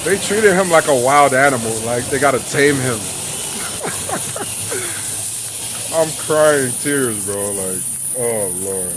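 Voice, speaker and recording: Brief: reaction streamer, man, lively swooping pitch, unhurried, laughing and exclaiming. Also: noisy background. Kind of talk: live reaction commentary.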